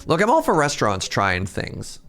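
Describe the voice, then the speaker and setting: This young adult man streams an incremental game live, chatting casually with viewers, reading their names aloud and laughing often. His voice sits a little high and a bit bright, swinging hugely in pitch at a normal speed. Faint game music plays underneath.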